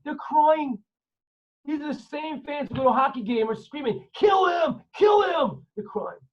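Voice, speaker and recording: A man, a rabbi, giving an animated storytelling lesson to students and firing questions at them over a video call. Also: very high voice, normal speed, raised voice. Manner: animated, asks listeners questions, acts out scenes. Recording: dull lo-fi online audio.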